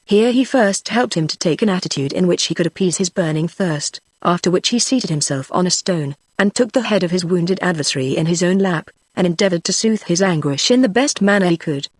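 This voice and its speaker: A text-to-speech voice narrating a classic novel in an even, measured computer reading. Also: mid-range voice, dry recording. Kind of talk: synthetic audiobook narration.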